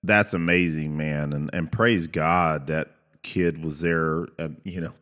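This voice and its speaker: A man's voice: a bass voice, steady tone, a little slow, fairly bright tone, big-room sound. A man hosting a casual interview podcast, wrapping up with a guest. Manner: brief encouraging interjections. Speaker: podcast host.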